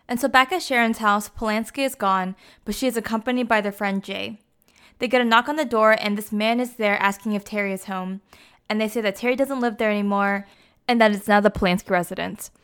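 A young woman recounts a story in a relaxed, chatty way, peppering it with fillers. Her voice is smooth and clear, sitting at an ordinary middle pitch. She talks like she is catching up with a friend. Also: a little fast. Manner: chatty, lots of "like" and "you know". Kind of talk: casual plot retelling.

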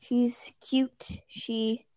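Slow, high-voiced young woman chatting. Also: level tone, mellow, dry recording. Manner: rambling, distracted, swears casually. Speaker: podcast co-host. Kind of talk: casual chat.

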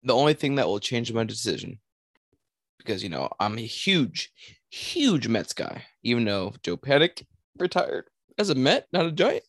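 A man's voice: mid-range voice, sing-song, normal speed, fairly bright tone, no room sound, clean studio sound. A man co-hosting a casual sports podcast, swearing freely and rambling until he loses his thread. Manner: profane, rambling, loses his train of thought. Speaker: podcast co-host.

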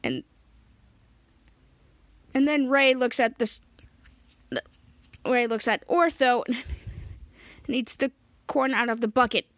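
High-pitched woman podcaster, slow recap of a tv episode, dry close sound. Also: a bit bright, no echo. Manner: retells scenes step by step, acting out lines. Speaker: podcast host.

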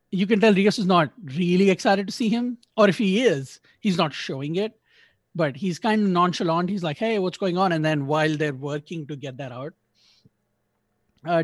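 A man's voice: sits high, no room sound. A man hosting a podcast, reviewing an episode in casual chat with rambling, self-correcting talk and joking asides. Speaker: podcast host.

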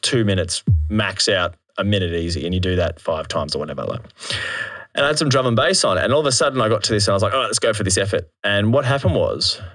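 A man from Australia chatting as a podcast guest, telling stories excitedly with lots of restarts and casual swearing. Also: on the low side, quick pace, no room sound. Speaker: guest musician.

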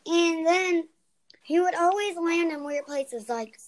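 High-pitched young woman on a casual podcast. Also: slow, poor audio. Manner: easygoing, teasing, reads with stumbles. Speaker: podcast co-host. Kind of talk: casual podcast chat and story reading.

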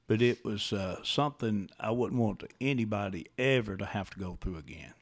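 A man, speaking haltingly with many pauses as a devout interview guest recounting a loss. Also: on the low side, expressive. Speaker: interview guest, grieving father.

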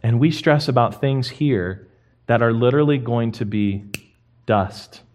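A young man delivering a sermon with an emphatic, lively manner. His voice sits in an average male range and rises and falls with quick swings from quiet to loud. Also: medium pitch, highs cut off. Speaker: pastor.

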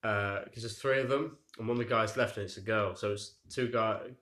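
A man's voice: fairly low pitch, steady tone, fairly quick, fairly bright tone. Rambling guy in an echoey room. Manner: rambling storyteller, laughs at his own tangents. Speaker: podcast co-host. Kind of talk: casual chat. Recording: roomy echo.

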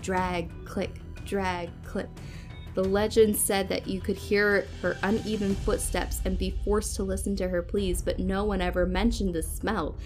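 A woman podcast host reading a spooky story aloud in a hushed, suspenseful way. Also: mid-range voice, level tone, normal speed, few pauses, faint music behind.

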